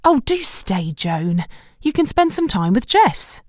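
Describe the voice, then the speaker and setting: A woman's voice: a little high, big pitch swings, slow, no room sound, clean studio sound, voice pushed up, full character voice. A woman reading an audiobook, voicing a hospitable middle-aged aunt who offers food and coaxes guests to stay. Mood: coaxing. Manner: bright and hospitable.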